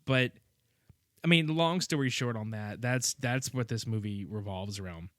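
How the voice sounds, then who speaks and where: A male podcast host in casual chat, animated and profane, laughing often as he recaps a movie. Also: on the low side, moderate pace, no room sound, studio quality.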